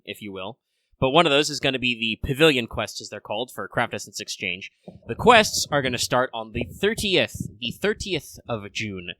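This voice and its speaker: A man's voice: mid-range voice, pushed and bright, dry recording. A man hosting a casual podcast chat, rambling with lots of fillers, a bit under the weather. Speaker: podcast host.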